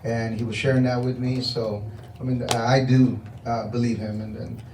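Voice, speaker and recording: A man's voice: mid-range voice, level tone, moderate pace, background noise. A man in a conference audience sharing a story, joking and hesitant. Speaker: audience member. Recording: echoey room from far off.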